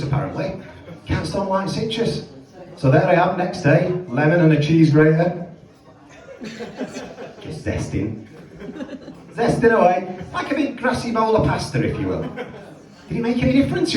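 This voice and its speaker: A man's voice: high voice, a little mellow, distant mic. A man doing stand-up at an open mic, telling chatty stories and acting out other people's voices. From Northern England. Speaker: stand-up comedian. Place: pub function room. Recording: echoey pub room, voice from off-mic. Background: audience laughter.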